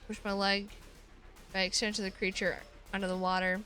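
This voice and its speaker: Bright-voiced woman streamer reading a game aloud. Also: mid-range voice, little pitch movement, a little fast, soft background music. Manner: casual, swears freely, mutters asides. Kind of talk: reading a visual novel aloud with commentary.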